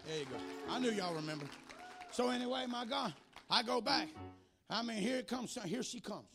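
A man preaching at a church service, telling stories with animation and building to shouted preaching. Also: very high-pitched, expressive, moderate pace, a crowd in the background. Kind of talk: sermon with storytelling. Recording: music under the preaching. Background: church music.

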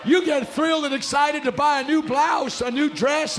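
A man, a pastor preaching a fiery revival sermon in a church, shouting and calling out hallelujah. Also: very high voice, fairly even intonation, moderate pace, few pauses, some chatter behind, a little hiss or hum. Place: church sanctuary.

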